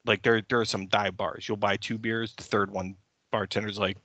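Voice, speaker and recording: An older man co-hosting a podcast, telling stories in an animated way and swearing freely in casual chat. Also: fairly low pitch, normal speed, dry recording. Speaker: podcast co-host.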